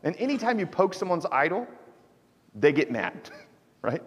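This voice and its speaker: A man's voice: on the high side, very animated, unhurried. A man preaching a sermon as pastor, in an informal, conversational way that often checks in with listeners. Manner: conversational preaching with frequent "right?" asides. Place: church sanctuary. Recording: church hall reverb.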